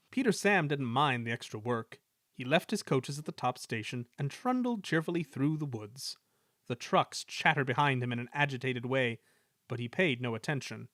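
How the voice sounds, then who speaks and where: A man reading a children's railway story aloud in a measured, expressive way. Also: mid-range voice, no echo, clean studio sound. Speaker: reader.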